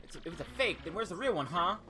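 A man voicing a boastful, blustering male turtle-dragon villain king while reading game dialogue aloud, with slow drawn-out shouts. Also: sits high, animated, over music, pitched above the performer's own voice. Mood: indignant.

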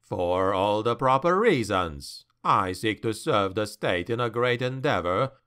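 A man voicing a cunning male dark elf noble in a fantasy audiobook, calm, even and persuasive. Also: on the low side, a little slow, clear, resonant tone, voice pushed down.

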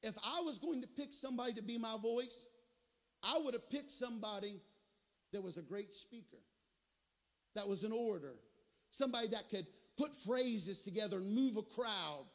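A man with a very high voice preaches a revival sermon in a church. He keeps prodding his listeners with quick asides. Again and again he swells into a shouted, sing-song preaching rhythm. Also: long reverb tail. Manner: builds into a shouted, chanting preaching cadence; calls out to the congregation with "huh?" and "can I tell you". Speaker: guest pastor. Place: church sanctuary.

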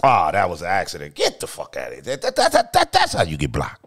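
Very deep-voiced, animated male streamer. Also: quick pace, no echo, clean studio sound. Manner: animated and profane, swings between shouting and muttering. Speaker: streamer and host. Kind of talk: casual live-stream chat.

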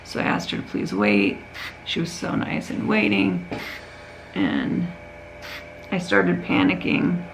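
A woman's voice: low-pitched, wildly swooping pitch, takes it slowly, creaky, pauses often, a little hiss or hum, poor audio. A tired woman talking candidly in a casual home vlog, telling a long rambling story with many restarts. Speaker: vlogger.

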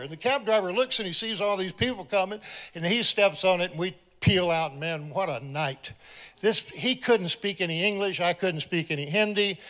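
A middle-aged man preaching a sermon, telling a story with lively acted-out quotes. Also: fairly high pitch. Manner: animated storyteller, acts out quoted voices.

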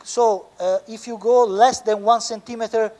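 A man with an Italian accent, a surgeon explaining a knee operation step by step as he works in the operating room, pausing often. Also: high-pitched, steady tone, mellow. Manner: explains step by step, halting with frequent pauses. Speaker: orthopedic surgeon. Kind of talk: live surgical teaching demonstration.

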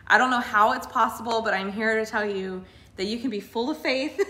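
This co-host, a woman in her thirties with a fairly high voice, talks fairly quickly through her personal testimony of faith. The retelling is animated, earnest, and full of feeling.

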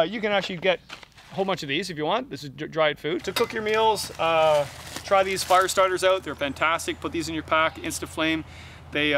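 A man's voice: fairly high pitch, a little hiss or hum. Joking Canadian man reviewing camping gear. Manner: jokey, deadpan asides, many fillers. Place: outdoors at a campsite.

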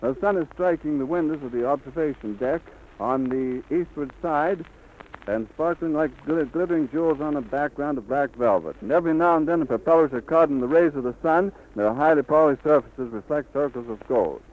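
A man's voice: fairly high pitch, brisk. A man giving a live on-the-scene radio report, with vivid, flowing eyewitness description on a 1930s disc recording. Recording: dull, lightly hissy 1930s disc recording.

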